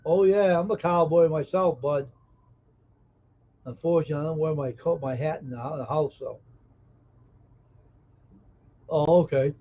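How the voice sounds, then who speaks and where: Man, folksy joking stream host, fairly high voice, dull lo-fi audio. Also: normal speed, warm tone. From American South. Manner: folksy, joking, talks straight to chat viewers. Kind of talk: casual live stream chat, reading viewer comments. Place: indoors at home.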